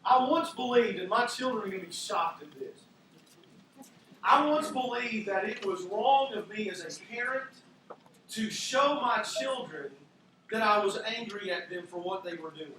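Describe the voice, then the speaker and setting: High, bright-voiced man preaching in a hall. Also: expressive, normal speed. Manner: conversational preaching with self-deprecating asides. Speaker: pastor. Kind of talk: sermon. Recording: echoey hall from far off, faint noise.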